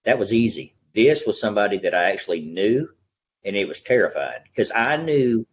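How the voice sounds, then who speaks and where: A man's voice: fairly low pitch, animated, normal speed, husky, muffled recording. A middle-aged man with an East Texas accent, a real estate agent telling his story in a casual interview. He talks in a folksy, earnest way and acts out the conversations he remembers.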